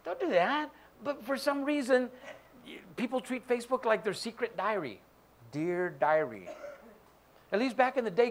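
A male pastor giving a sermon in church, joking and acting out quoted voices. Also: high-pitched. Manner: animated, jokey, acts out quoted voices. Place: church sanctuary.

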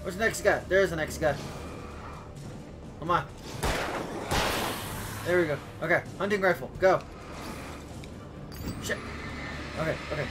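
A young man giving casual, excitable gameplay commentary, talking to himself and yelping and shouting at enemies. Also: on the high side, unhurried, pauses often, music in the background. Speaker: gaming YouTuber.

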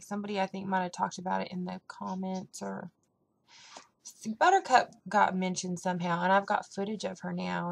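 A woman's voice: mid-range voice, vocal fry. A young woman chatting casually on her vlog, rambling with lots of fillers. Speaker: vlogger. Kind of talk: casual weight-loss vlog chat.

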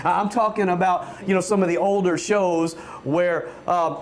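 A man preaching a fervent sermon as pastor, often stammering on restarts and building to shouts. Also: high-pitched, fairly even intonation, normal speed.

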